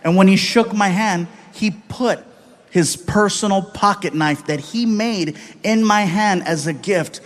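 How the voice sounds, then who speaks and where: Man, stand-up comedian, high voice, animated, live stage. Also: unhurried. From United States. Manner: animated, acts out voices, swings between loud and soft. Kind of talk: stand-up storytelling.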